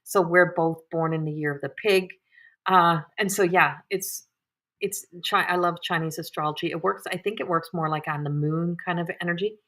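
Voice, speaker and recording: Bright-voiced woman giving a psychic reading. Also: fairly low pitch, fairly even intonation, normal speed. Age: 30s. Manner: soft, emotional, tearful at times, frequent sighs. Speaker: psychic medium host. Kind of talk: live-streamed reading, casual chat.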